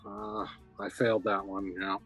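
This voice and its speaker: A man co-hosting a casual film podcast, mostly giving short agreeing replies and speaking in a measured, hesitant way at length. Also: lowish voice, flat delivery, a bit bright, husky, lo-fi sound, soft background music. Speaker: podcast co-host.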